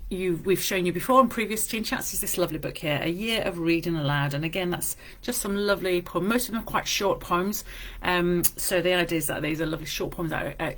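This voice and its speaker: A woman librarian speaks in a library with a bright, forceful tone, chatting with many ums and then reading verse slowly. Her voice sits fairly low for a woman. She sounds casual and friendly between the poems. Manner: chatty and warm with frequent fillers, slow deliberate verse reading. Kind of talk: casual chat and poetry reading.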